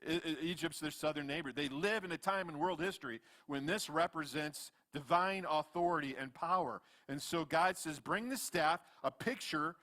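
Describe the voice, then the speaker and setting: A man in his fifties, a pastor preaching a sermon in church, swinging between loud animated retellings and quiet asides. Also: fairly high pitch, moderate pace, hardly any pauses. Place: church sanctuary.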